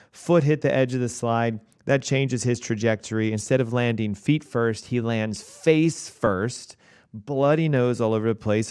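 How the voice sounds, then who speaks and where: A man's voice: mid-range voice, darkish tone, smooth. Emphatic male doctor hosting a talk show. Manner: emphatic storytelling, conversational. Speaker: show host and physician. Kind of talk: energetic health talk show monologue.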